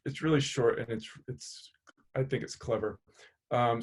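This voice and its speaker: A man's voice: mid-range voice, a little mellow. A man psychologist speaking earnestly in a webinar, building his points in lists and then telling a short story. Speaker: psychologist guest. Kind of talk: conversational webinar talk.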